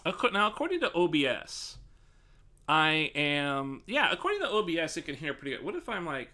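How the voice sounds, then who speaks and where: A man talks through a microphone test on a live stream from his home setup, chatting to viewers and swearing as he goes. His voice is bright and fairly high. He projects hard, close to yelling even in plain talk. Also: a little fast. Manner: thinks aloud, swears casually, talks to chat; projects loudly, near yelling into the mic. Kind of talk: live stream mic test, casual chat. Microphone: desk microphone.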